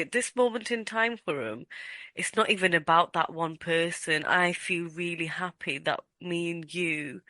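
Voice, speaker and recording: A woman's voice: on the low side, sharp tone, dry recording. A woman with a Geordie accent hosting a podcast, talking earnestly and gratefully with a light teasing streak. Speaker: podcast host. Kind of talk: casual podcast conversation.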